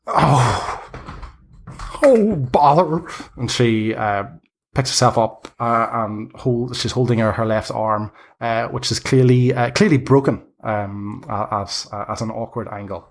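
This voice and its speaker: A man narrating as game master in a tabletop game. He lays out the scene in a halting, unhurried way, stopping often and restarting his phrases. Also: lowish voice, fairly even intonation. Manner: halting, many ums and restarts.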